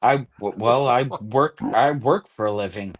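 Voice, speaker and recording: A man's voice: medium pitch, measured pace. A man on a casual sports podcast, bluntly trading insults and arguing with his co-host.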